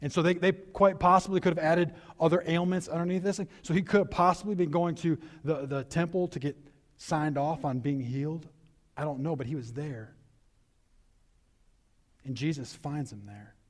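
Animated male preacher. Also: a little high, normal speed. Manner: animated preaching, rising to emphatic peaks; reflective, conversational asides with restarts. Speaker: pastor. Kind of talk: sermon.

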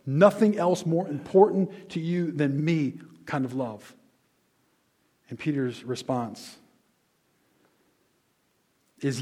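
A man preaching a sermon as pastor, conversational, explaining words and restating them, dropping soft on key lines. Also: a little high, slow pace, pauses often.

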